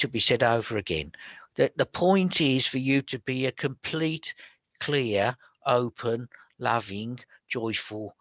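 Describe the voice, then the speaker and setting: A man teaching about spiritual healing in a chatty, colloquial way, often dropping to a hushed whisper. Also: lowish voice, no echo. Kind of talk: casual spoken teaching.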